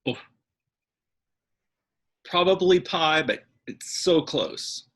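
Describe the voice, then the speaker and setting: A man who directs a church's music, chatting warmly as an interview guest and gently poking fun at himself. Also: fairly high pitch, expressive, very slow. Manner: warm, chatty, self-deprecating. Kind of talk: casual interview chat.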